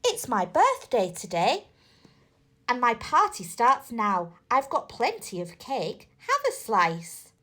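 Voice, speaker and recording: A woman voicing a friendly, gentle mummy in a storybook, speaking in a soft, pleading way. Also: a little high, huge pitch swings, slow pace, heavily acted. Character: friendly shy cake-loving mummy.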